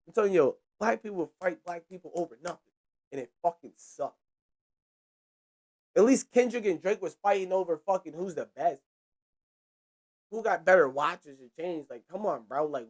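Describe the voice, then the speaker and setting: A young man hosts his podcast with a loose, profane storytelling rant. His pitch jumps up and drops low as he acts out the scene, and he keeps breaking into laughter. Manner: animated, profane, laughs while telling. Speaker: podcast host.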